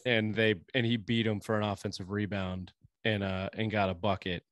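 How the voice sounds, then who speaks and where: A man's voice: on the low side, flat delivery, normal speed, a bit bright, no room sound. A man with a New England accent, co-hosting a casual sports podcast and talking in a rambling, profane way with many fillers.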